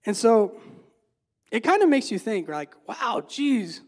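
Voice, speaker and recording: A man's voice: high voice, huge pitch swings, measured pace, darkish tone. A man giving a casual, conversational sermon, full of fillers and repeated words, often asking the listeners rhetorical questions. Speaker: preacher.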